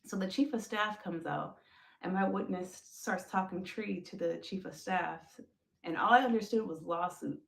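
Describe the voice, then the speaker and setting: Woman storyteller, gravelly fry, roomy echo; animated, talks straight to listeners. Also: fairly low pitch, normal speed. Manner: animated, addresses listeners as folks, acts out quoted lines. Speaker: woman telling her story on a podcast. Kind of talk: emotional personal storytelling.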